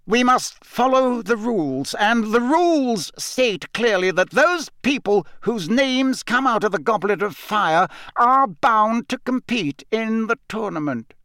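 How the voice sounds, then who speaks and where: A man's voice: high-pitched, lively intonation, measured pace, few pauses, sharp tone, dry recording, studio quality, voice pushed up, heavily acted. A man reading an audiobook, voicing a curt, stiff official in a raised voice. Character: curt, rule-bound older official, man.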